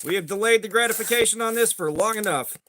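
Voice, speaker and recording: A man with a very high, bright, forceful voice hosts a relaxed livestream, chatting with his viewers by name. He jokes loosely between tests, and a faint hiss sits under his voice. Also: fast. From USA. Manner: laid-back, greets chat viewers by name, joking. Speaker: knife testing livestream host. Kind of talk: casual livestream chat.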